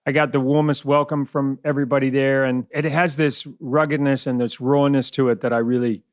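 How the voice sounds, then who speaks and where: A man's voice: medium pitch, level tone, a little fast, dry recording. Middle-aged kiwi guy with a bit of west indian in his accent, chatty guest telling stories, dry close mic. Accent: mixed New Zealand and West Indian. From New Zealand. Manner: chatty storyteller, laughs often. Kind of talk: casual podcast conversation.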